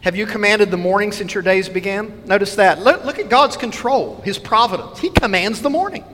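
A man's voice: high-pitched, a little fast, a bit bright, big-room sound. A man preaching a sermon in a church, earnestly reading scripture aloud and explaining it verse by verse.

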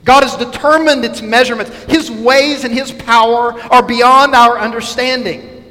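A man's voice: very high voice, fairly even intonation, moderate pace, bright, forceful tone, in a large hall. A man preaching a sermon in a church, earnestly reading scripture aloud and explaining it verse by verse.

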